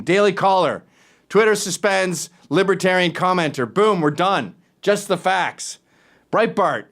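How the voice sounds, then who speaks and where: A man hosting a talk show, ranting in an animated, sarcastic way, jumping between loud remarks and muttered asides. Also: on the high side. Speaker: show host. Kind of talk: opinionated talk-show rant.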